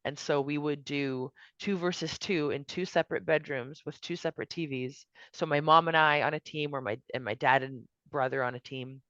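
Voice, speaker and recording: A woman's voice: low-pitched, steady tone, moderate pace, hardly any pauses, a bit bright. An upbeat woman chats as a podcast guest, restarting her sentences and tossing in casual slang. Her voice comes through a little dull and muffled. The sound is dry, with no room echo. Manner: upbeat, restarts a lot, says "dude" and "oh my gosh". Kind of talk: casual chat.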